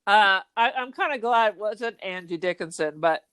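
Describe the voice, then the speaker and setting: A woman's voice: mid-range voice, expressive, moderate pace, fairly bright tone, clean tone. A woman co-hosting a podcast, discussing a horror film in a wry, sarcastic, casual way. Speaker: podcast co-host.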